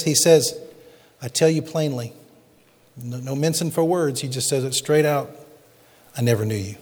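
A man's voice: fairly high pitch, moderate pace, pauses often, darkish tone, big-room sound. A male pastor preaching a sermon and reading scripture aloud with rising, emphatic delivery.

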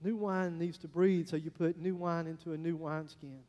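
A high-pitched man preaches to his congregation in a folksy, storytelling way. His voice rings through a big hall with a long reverb tail, swinging from loud bursts to hushed asides. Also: flat delivery, normal speed, muffled recording. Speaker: pastor. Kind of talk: sermon.

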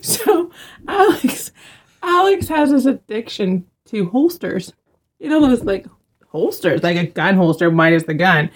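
A woman's voice: mid-range voice, moderate pace. A woman hosting a podcast, chatting and teasing her husband, often laughing. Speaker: podcast host. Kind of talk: casual podcast chat.

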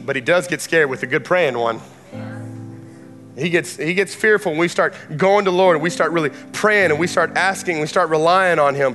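A man preaching a sermon in a church, impassioned and repetitive, building up to shouts. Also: sits high. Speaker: pastor. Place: church sanctuary. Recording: long hall reverb, faint music.

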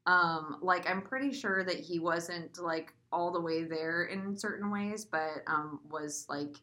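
A woman's voice: on the low side, steady tone, a little slow, bright, forceful tone. A young woman in her twenties telling a long personal story in casual chat, full of fillers and laughing as she goes.

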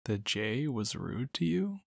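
A man reading a storybook, voicing a modest, gentle young male fawn in a mild, earnest way. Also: medium pitch, very animated, slow pace, gravelly, no echo, studio quality, heavily acted. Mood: curious.

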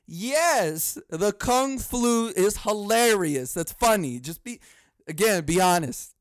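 A man hosting a casual solo podcast, ranting and swearing freely, jumping between mock outrage, laughter and low muttered asides. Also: animated, slow pace, no echo. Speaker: podcast host.

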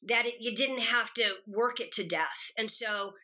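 A middle-aged woman chatting as an interview guest, her voice bright and somewhat high. She tells stories with animated energy, slipping into the quoted voices of the people in them. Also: unhurried. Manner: animated storyteller acting out quotes. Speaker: guest actress. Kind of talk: casual interview chat.

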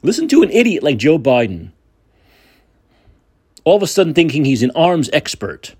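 A man's voice: fairly high pitch, sing-song, normal speed, a little mellow, slightly rough. A man hosting a political talk show, delivering a combative, sarcastic monologue with profanity. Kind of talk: opinionated monologue.

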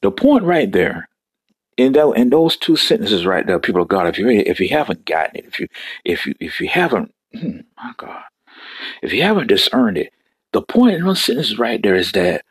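A man's voice: mid-range voice, very animated, normal speed, husky, no room sound. A male preacher delivering a fervent sermon, repeating phrases and breaking into exclamations.

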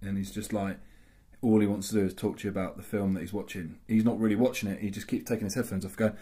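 Male podcast co-host, quick-talking, fond of swearing and acting out voices in anecdotes. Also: on the low side, level tone, dark tone, husky. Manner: swears freely and acts out quoted voices in anecdotes. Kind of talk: casual chat.

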